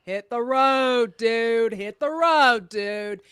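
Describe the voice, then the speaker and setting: A woman voicing a blustering, pompous old Southern white man who makes loud, drawling demands. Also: a little high, very slow, clear, resonant tone, dry recording, clean studio sound. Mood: dismissive.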